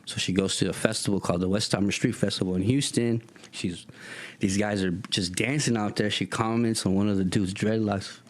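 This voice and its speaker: A man being interviewed, telling a story in a casual, animated way, with street slang and acted-out voices. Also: on the low side, a little fast. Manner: animated, acts out voices in his stories. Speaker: guest.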